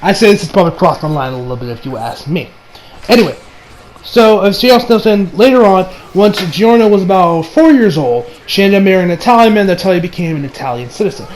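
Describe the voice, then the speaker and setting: A man's voice: high-pitched, slight background noise, rough recording. A young man giving a casual, rambling anime review, full of slang and frequent laughter.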